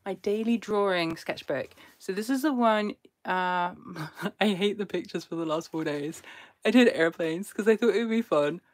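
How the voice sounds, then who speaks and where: A woman's voice: on the low side, normal speed. A woman hosting a casual drawing livestream, chatty and self-deprecating, talking close to a phone camera. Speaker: art channel host. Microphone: phone held close as camera.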